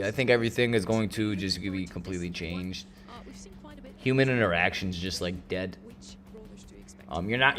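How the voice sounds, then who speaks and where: A young man hosting a stream, chatting loudly and joking in a rambling, casual way at a desk mic. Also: fairly low pitch. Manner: loud, joking, rambling banter. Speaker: streamer host. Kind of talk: casual chat.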